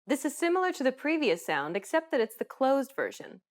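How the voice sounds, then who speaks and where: A woman giving scripted narration for a pronunciation lesson, in a clear, even instructional delivery. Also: high voice, brisk.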